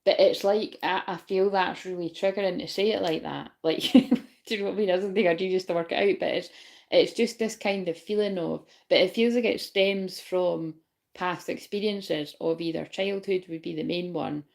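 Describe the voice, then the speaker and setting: A woman's voice: fairly low pitch, fairly even intonation, moderate pace, creaky, darkish tone. A woman giving a casual, rambling spiritual reading to viewers. She swears freely, laughs often and keeps asking whether they know what she means. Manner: laughs often while talking. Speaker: spiritual reader.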